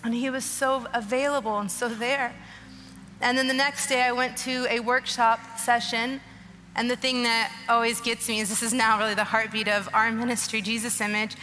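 A woman's voice: fairly high pitch, level tone, normal speed, a little hiss or hum. A woman in her thirties giving an emotional, earnest testimony sermon on a church stage, urging the crowd with rising urgency. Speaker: guest speaker. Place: large church auditorium. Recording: long hall reverb with soft music behind.

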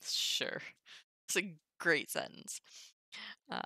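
Bright, lively woman explaining Greek. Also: fairly low pitch, takes it slowly, long pauses, dry recording, clean studio sound. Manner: thinks aloud, muses over the text, wry asides. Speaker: streamer teaching Ancient Greek. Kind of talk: casual live-stream lesson.

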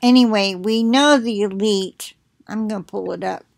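A middle-aged woman thinking aloud at home, reading scripture between bouts of coughing and musing in a slow, unhurried way. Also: medium pitch, vocal fry, no room sound. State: coughing, choking up. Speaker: video blogger. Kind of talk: casual commentary with scripture reading.

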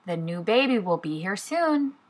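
A caring mother tiger from a children's story, speaking softly and gently, as a woman reads her lines. Her tone is quiet and kind. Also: medium pitch, big pitch swings, normal speed. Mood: gentle.

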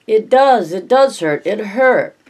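A reader doing a high whiny little girl. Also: lively intonation, unhurried, a little mellow. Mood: sobbing. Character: young girl, frightened and wailing. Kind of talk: amateur audiobook reading.

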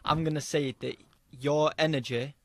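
A man hosting a casual interview, relaxed and encouraging, swearing now and then. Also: on the high side, moderate pace, no room sound. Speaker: podcast host.

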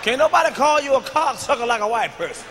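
A man doing a live stand-up routine on a large stage into a handheld mic, brash and profane, dropping to mutters and rising to shouted punchlines. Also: extremely high pitch, animated, quick pace, big-room sound, slight background noise. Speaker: stand-up comedian.

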